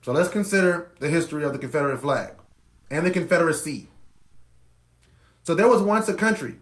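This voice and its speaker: A man's voice: fairly high pitch, expressive, a little fast, a bit bright, reverberant, rough recording. A man hosting a podcast, delivering an impassioned commentary monologue with emphatic repetition. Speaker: podcast host.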